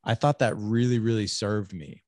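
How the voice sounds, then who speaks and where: A man in his forties hosting a podcast, talking in a casual, animated way with frequent restarts and tag questions. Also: lowish voice, moderate pace, no echo, clean studio sound. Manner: animated, many restarts and "like", "right?". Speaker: podcast host. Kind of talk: casual conversational chat.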